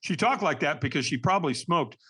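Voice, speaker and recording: An older man, a podcast guest, telling a personal story in a candid, earnest way and acting out old conversations with lively energy. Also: on the high side, fairly quick, slightly rough. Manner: animated, acts out remembered dialogue.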